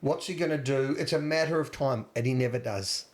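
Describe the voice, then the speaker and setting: A man's voice: mid-range voice, brisk. Podcast guy reviewing a film, gets emotional, keeps going "right?". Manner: animated, emotional storyteller with rhetorical questions. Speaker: podcast co-host. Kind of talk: casual film-review chat.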